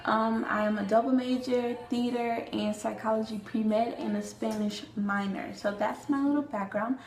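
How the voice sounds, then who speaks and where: A woman's voice: on the high side, fairly even intonation, moderate pace, reverberant, rough recording. A young woman from Alabama, a college freshman, talking casually to camera in a chatty, playful way with lots of fillers and asides. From Alabama, US Southern. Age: young adult.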